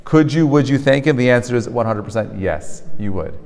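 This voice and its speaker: Male rabbi, mid pitch, animated teaching style that keeps asking "right?", long hall echo. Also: fairly quick. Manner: animated, often checks in with "right?"; mixes Hebrew terms into English. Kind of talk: lecture to a live class. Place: lecture hall with a live audience.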